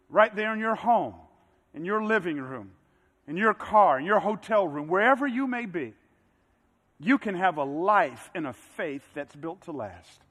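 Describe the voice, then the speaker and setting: A man's voice: high voice, lively intonation, a little slow, fairly bright tone, in a large hall. A male pastor preaching a sermon, building to emphatic peaks as he drives his points home.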